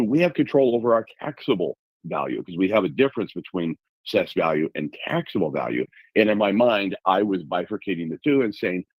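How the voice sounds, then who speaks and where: A man from Alaska with a very deep, husky voice, speaking as a talk show guest. He tells his story with energy and colorful comparisons, and the recording is dry and close. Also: no room sound, lo-fi sound. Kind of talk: conversational interview.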